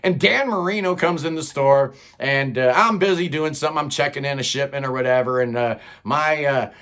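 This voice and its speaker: A middle-aged man telling stories in a chatty, animated way, often saying "man". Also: mid-range voice, brisk. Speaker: channel host telling celebrity stories. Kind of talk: casual storytelling monologue.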